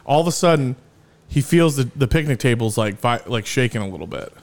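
A man's voice: medium pitch, animated, fairly quick. A young man co-hosting a podcast in crude casual chat, joking, laughing often and rambling through stories. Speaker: podcast co-host.

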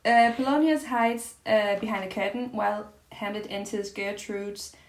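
A woman's voice: mid-range voice, steady tone, moderate pace. A woman co-hosting a podcast in casual chat, giggly and full of fillers. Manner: giggly, chatty, many fillers like "like" and "uh". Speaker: podcast co-host.

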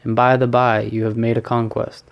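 A man's voice: medium pitch, little pitch movement, normal speed, muffled recording, close to an everyday voice. A man reading a storybook, voicing a cheerful, worldly male painter who teases his friend. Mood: amused. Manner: teasing, amused. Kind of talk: audiobook reading.

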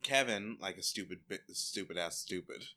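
A man co-hosting a podcast, recapping a TV episode in casual chat, animated and laughing, acting out the characters in silly voices. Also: low voice, moderate pace. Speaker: podcast co-host.

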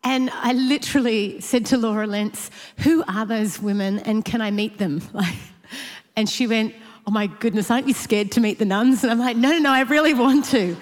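Animated woman telling a church story. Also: a little high, normal speed, long reverb tail. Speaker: church speaker sharing a story. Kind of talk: storytelling talk.

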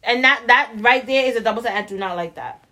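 An outspoken young adult woman in casual podcast talk, her voice set high. She lays out her opinions in a preachy way and slips jokes in between. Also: quick pace, sharp tone. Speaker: podcast co-host. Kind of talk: casual chat.

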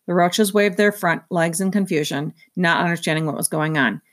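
A woman narrating a children's novel aloud in a steady, clear storytelling manner. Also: on the low side, moderate pace. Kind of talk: children's book read-aloud.

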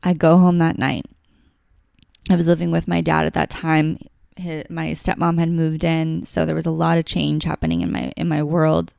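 Emotional woman with a gravelly voice. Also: low-pitched, level tone, normal speed, a little mellow, no room sound, studio quality. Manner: emotional, heartfelt, filler-heavy with frequent "like". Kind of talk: candid personal storytelling.

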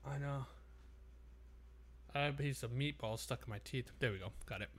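A man's voice: medium pitch, normal speed, fairly bright tone. A man co-hosting a casual podcast, laid-back and a bit defensive, swearing casually and calling his partner dude. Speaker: podcast co-host.

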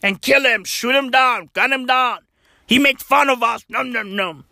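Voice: mid-range voice, unhurried, creaky, very noisy. A speaker with a South African accent playing an angry male veteran who puts a bounty on someone, in a blustering, threatening voice.

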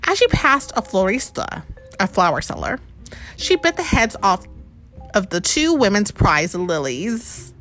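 A woman's voice: mid-range voice, big pitch swings, measured pace, fairly bright tone, faint music behind. A woman reading a storybook aloud to her child at home, chatty and asking him questions along the way.

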